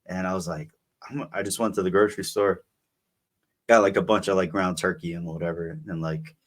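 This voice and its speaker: A man's voice: low-pitched, fairly even intonation, brisk. A young man co-hosting a podcast, telling a long story in casual chat full of fillers. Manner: rambling, filler-heavy storytelling. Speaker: podcast co-host.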